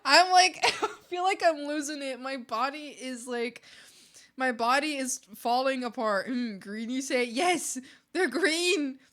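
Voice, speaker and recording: A woman's voice: high-pitched, a little slow, a bit bright. A young woman art streamer chatting casually and scatterbrained with her viewers, laughing often. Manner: giggly, scattered, chats to viewers. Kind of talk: casual live-stream chat.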